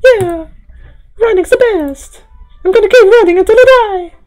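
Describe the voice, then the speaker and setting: A man voicing a cheerful, excitable teenage schoolgirl in a high falsetto while reading a visual novel aloud. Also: normal speed, faint music behind.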